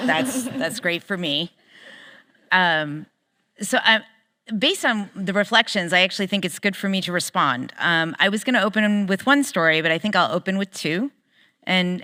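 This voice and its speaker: A woman's voice: lowish voice, animated, sharp tone, big-room sound. Thoughtful woman on a faith panel. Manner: thoughtful, chants Sanskrit prayer slowly. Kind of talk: panel talk with chanting.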